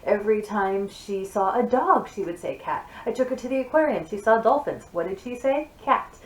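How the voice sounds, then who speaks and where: A young woman chatting casually to camera as a parenting vlogger, telling stories in an animated way from her home office. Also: mid-range voice, moderate pace, slight background noise. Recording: echoey room, mic at a distance.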